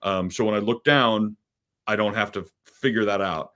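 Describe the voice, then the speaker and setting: Play-by-play guy, kinda low voice, laid back, just explaining how he does stuff. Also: moderate pace, a bit bright. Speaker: play-by-play announcer. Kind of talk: casual interview answers.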